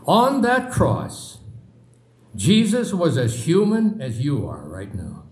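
A man preaching a sermon in a dramatic way, pausing often and letting phrases sink low and quiet. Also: huge pitch swings. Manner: dramatic, slow, with long pauses and sinking low phrases. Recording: echoey room.

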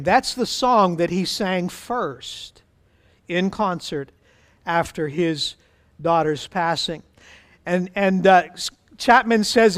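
High, smooth-voiced male preacher. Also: a bit bright. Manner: earnest, reads song lyrics slowly and solemnly. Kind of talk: sermon.

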